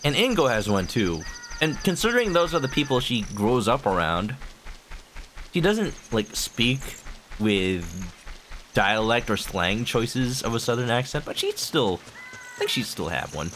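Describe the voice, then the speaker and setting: A man's voice: medium pitch, big pitch swings, measured pace, fairly bright tone, a little hiss or hum. Chatty young male game streamer. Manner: goofy, chatty, breaks into voices. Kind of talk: casual let's-play commentary. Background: game music.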